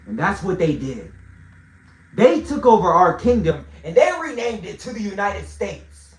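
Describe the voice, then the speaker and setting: A man telling a long story in a casual way, swinging between loud bursts and low mutters. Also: very animated, unhurried. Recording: roomy echo.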